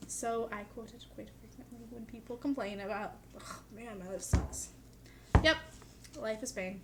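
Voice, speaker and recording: A woman's voice: a little high, moderate pace, noisy background. A young woman vlogging in a casual, chatty way, with dry humor and lots of "like". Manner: chatty, peppered with "like". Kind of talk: casual chat to camera.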